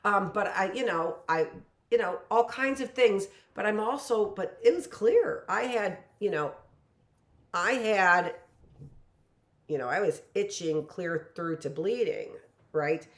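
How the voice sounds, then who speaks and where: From her home kitchen, a teacher in her late fifties gives a rambling, chatty live-streamed lesson, peppering it with "you know." She speaks slowly and animatedly at medium pitch, and the room echoes.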